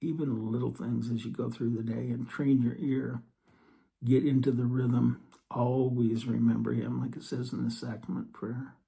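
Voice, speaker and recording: A man giving an earnest scripture study talk, reading verses slowly and then explaining them. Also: mid-range voice, little pitch movement, gravelly, warm tone. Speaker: religious teacher.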